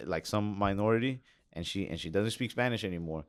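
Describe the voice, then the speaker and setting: A man's voice: fairly low pitch, fairly quick. A man co-hosting a podcast, teasing his guest with incredulous questions. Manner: teasing, incredulous, uses "bro". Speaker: podcast co-host. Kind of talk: casual podcast banter.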